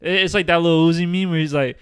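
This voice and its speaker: A man's voice: a little high, steady tone, fast talker, a bit bright, smooth, no echo, clean studio sound. A young man in his twenties co-hosting a podcast, telling stories in casual chat with slang, fillers and frequent laughter. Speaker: podcast co-host.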